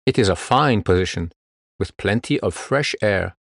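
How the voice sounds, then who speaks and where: A man's voice: fairly low pitch, expressive, moderate pace, gravelly, no room sound, clean studio sound. A man voicing a fussy, restless little male swallow in a storybook reading, with a chatty, exclaiming manner. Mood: surprised.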